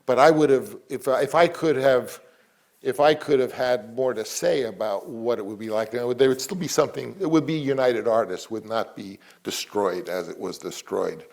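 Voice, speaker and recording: A man talks reflectively in an interview, rambling and often restarting his sentences. He is a film director looking back over his work. His voice sits at an ordinary pitch. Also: moderate pace, gravelly, darkish tone.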